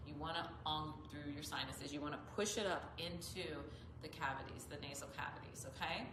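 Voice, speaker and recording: A woman yoga teacher with a slightly low voice gives steady, guiding instructions and demonstrates chanted mantras. She was recorded in an echoey studio. Clear background noise sits behind her voice. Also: a little fast.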